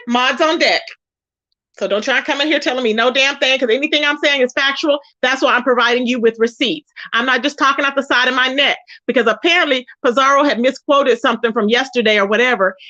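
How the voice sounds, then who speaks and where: A woman's voice: sits high, sharp tone. A woman hosting a casual gossip commentary livestream, sassy and emphatic, often mimicking others in a raised voice. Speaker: YouTube commentary host. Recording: dull lo-fi sound.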